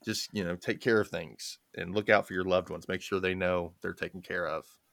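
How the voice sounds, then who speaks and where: A man with a low voice and some vocal fry speaks at a moderate pace, with no echo. He's a guest in a casual conversation, animatedly telling family stories, laughing often and acting out the voices of the people he quotes.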